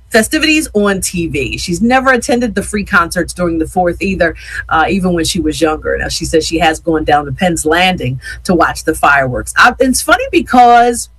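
Husky-voiced chatty radio host. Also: mid-range voice, expressive, moderate pace, fairly bright tone, dry recording, rough recording. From Yeadon, Pennsylvania. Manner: chatty, repeats words, addresses listeners as y'all. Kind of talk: casual chat with listeners.

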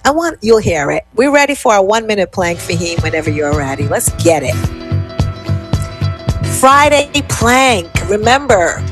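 A woman's voice: fairly low pitch, lively intonation, a little fast, few pauses, music in the background. Enthusiastic woman hosting a live show. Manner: enthusiastic, chatty, reads viewer comments aloud. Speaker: host. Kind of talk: live show chat with fitness cueing.

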